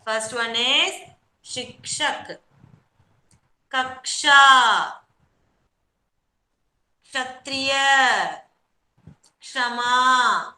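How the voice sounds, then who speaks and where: A woman teaching young children an online lesson, sounding words out slowly syllable by syllable and praising them. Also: sits high, pushed and bright, reverberant. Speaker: kindergarten teacher. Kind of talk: online class teaching Hindi letters.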